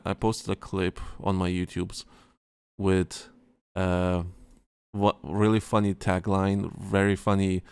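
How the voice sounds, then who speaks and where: A man with a fairly low voice co-hosts a casual podcast, talking in a loose, rambling way full of fillers and false starts. The sound is dry and close, with no room behind him. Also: clean tone, dry recording. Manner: rambling, halting, lots of fillers and restarts. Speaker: podcast co-host. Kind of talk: casual chat.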